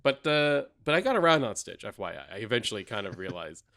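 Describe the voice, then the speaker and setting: A man's voice: lowish voice, very animated, fast talker, a bit bright. A man co-hosting a podcast, chatting casually and rambling, laughing often. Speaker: podcast co-host. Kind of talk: casual chat.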